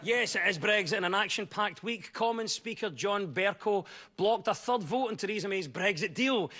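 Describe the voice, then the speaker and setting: A Scottish man hosting a comedy panel show, reading wry jokes briskly. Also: high-pitched, lively intonation, bright, forceful tone. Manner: brisk joke-delivery, wry. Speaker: host. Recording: studio audience laughing.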